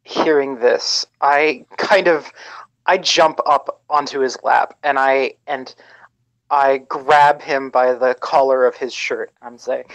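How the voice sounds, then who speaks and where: Hesitant, slow-talking tabletop player. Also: medium pitch, steady tone, low-quality recording. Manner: hesitant, stammering restarts. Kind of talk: tabletop game play.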